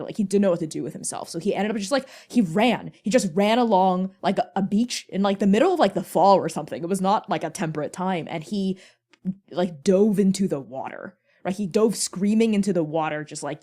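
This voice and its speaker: On a convention panel, a woman with a medium-pitched, slightly mellow voice speaks in a casual, earnest, chatty way, full of frequent "like" fillers.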